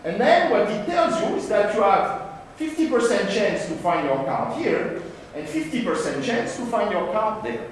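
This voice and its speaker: Man, high lively voice, playful science lecture, echoey hall, distant mic, faint hiss. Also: moderate pace. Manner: animated, playful, gestures with props.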